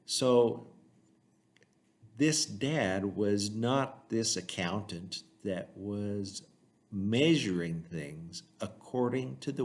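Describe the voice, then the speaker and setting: Lower-voiced man retelling parables casually. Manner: conversational storytelling, retells parables in everyday terms. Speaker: small group Bible study leader. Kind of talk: casual devotional teaching.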